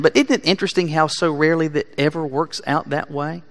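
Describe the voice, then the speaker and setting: A man's voice: fairly high pitch, fairly even intonation, a little fast, few pauses. Earnest man preaching a sermon. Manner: earnest, builds to emphatic peaks then drops quiet. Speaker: pastor. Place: church sanctuary.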